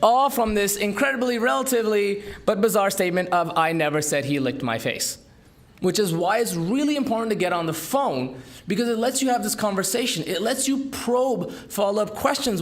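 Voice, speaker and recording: A man giving a business talk to an audience, with an emphatic, lively delivery and rhetorical questions. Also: high voice, fairly quick. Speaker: entrepreneur speaker. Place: conference room.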